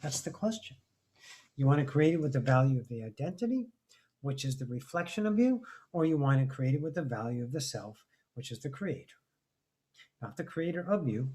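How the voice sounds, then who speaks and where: A man's voice: medium pitch, animated, fairly quick, warm tone. A man giving a live spiritual talk, intense and rambling, swearing often as he preaches about identity and freedom. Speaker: spiritual teacher.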